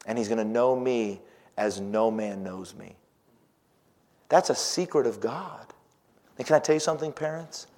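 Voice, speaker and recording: A middle-aged man preaching a sermon, swinging from loud emphatic lines to hushed, near-whispered ones and quoting scripture in old-fashioned wording. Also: mid-range voice, normal speed, gravelly, long pauses. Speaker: pastor. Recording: long hall reverb.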